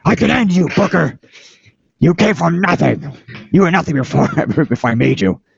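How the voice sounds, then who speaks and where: A man's voice: a little high, expressive, moderate pace, creaky, slightly rough, no echo, highs cut off, pitched above the performer's own voice, full character voice. A man doing a screaming older wrestling boss. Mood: furious. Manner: ranting, berating.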